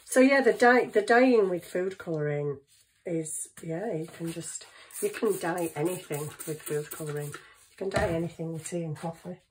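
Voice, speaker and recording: A woman's voice: on the low side, moderate pace, slight background noise, low-quality recording. A woman chatting casually in her home kitchen, thinking aloud as she works on a craft. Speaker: craft vlogger.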